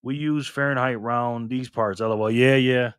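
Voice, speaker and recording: Livestream host, man, mid pitch, casual and upbeat, greets viewers by name, dry close recording. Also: steady tone, normal speed, clean tone, no room sound. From Rochester, New York. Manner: friendly, upbeat, reads chat aloud and greets viewers by name. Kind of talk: casual live stream chat reading viewer comments.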